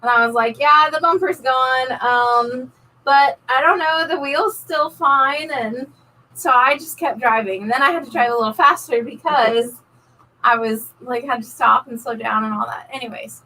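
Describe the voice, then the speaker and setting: Middle-aged woman, chatty storyteller, bright higher voice, a little off-mic with faint noise. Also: moderate pace, far from the mic, rough recording. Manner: chatty, animated storyteller, many likes and ums. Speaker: co-host of a couple's live stream. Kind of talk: casual storytelling chat.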